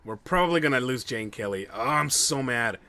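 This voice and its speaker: A man streaming a game live, commenting excitedly and swearing at bad luck. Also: medium pitch, a little fast. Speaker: gamer streaming a playthrough.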